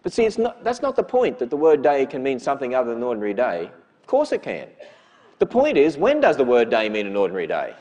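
A man's voice: medium pitch, huge pitch swings, fast talker, a little mellow. A man gives an emphatic lecture to a church audience, often putting rhetorical questions to them. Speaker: speaker addressing a church audience.

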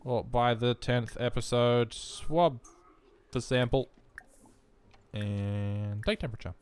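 A man's voice: mid-range voice, steady tone, slow pace, clear, resonant tone. A young man giving casual, self-mocking let's-play commentary, chatting to the game as he plays. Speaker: gaming video host.

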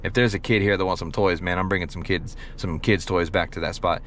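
A man hosting a paranormal vlog, talking in a hushed, halting, emotional way at a cemetery. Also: deep voice, fairly even intonation, slight background noise. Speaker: paranormal vlogger host. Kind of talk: casual ghost-hunting vlog commentary. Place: outdoors and in a car at a cemetery.

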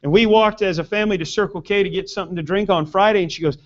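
A man's voice: high-pitched, rapid-fire, hardly any pauses, muffled recording. A man who is a pastor, preaching a sermon in a church with earnest emphasis that rises on his key points. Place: church sanctuary.

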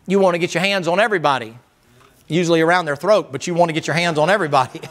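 A man's voice: a little high, very fast, a bit bright. A man preaching a sermon as pastor, folksy and emphatic, firing rhetorical questions at the congregation.

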